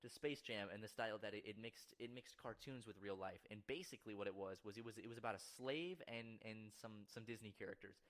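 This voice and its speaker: A man's voice: on the low side, fast, few pauses, fairly bright tone. A young man co-hosting a casual podcast, joking around in restless banter. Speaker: podcast co-host.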